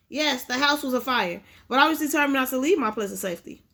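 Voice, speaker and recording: A woman's voice: sits high, lively intonation, fast, hardly any pauses, sharp tone. A woman reading a memoir aloud, with an unpolished delivery full of restarts and self-corrections. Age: adult with a child. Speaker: audiobook reader.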